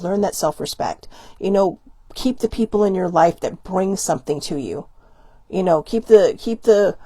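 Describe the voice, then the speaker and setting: A woman's voice: on the low side, dark tone, husky, no echo. A woman giving a casual oracle card reading, rambling and emotional, teary-eyed with watering eyes, often laughing and stopping herself mid-sentence. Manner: rambling, emotional, self-interrupting with laughs and ums.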